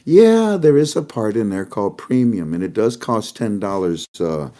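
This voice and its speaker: A man's voice: fairly low pitch, big pitch swings, normal speed, mellow. A man hosting an online show, chatting casually to his viewers about the news and laughing often as he goes.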